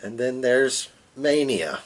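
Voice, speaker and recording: A man's voice: mid-range voice, expressive, takes it slowly. A man with a mid-range voice co-hosts a casual podcast and sits back from the mic. His remarks are sarcastic and crude, delivered dryly. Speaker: podcast co-host. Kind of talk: casual chat. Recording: distant from the mic.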